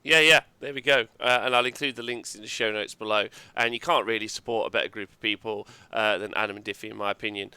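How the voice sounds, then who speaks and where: Male podcast host, eager and stumbling over his words, crisp resonant voice, dry close mic. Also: on the low side, fairly even intonation, sharp tone, no echo. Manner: enthusiastic, halting, full of fillers. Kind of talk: casual chat on a livestream podcast.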